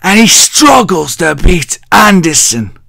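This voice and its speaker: Slow, gravelly man. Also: big pitch swings, bright, forceful tone, no room sound, clean studio sound. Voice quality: deep, masculine. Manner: rambling, jokey and self-mocking. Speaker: wrestling vlogger. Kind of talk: casual wrestling recap.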